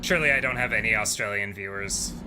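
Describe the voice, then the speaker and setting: A sleep-deprived man rambles to his viewers in a relaxed livestream chat, his voice sitting fairly low. He drifts from thought to thought while driving in a game. A steady engine and road hum runs clearly underneath. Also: quick pace.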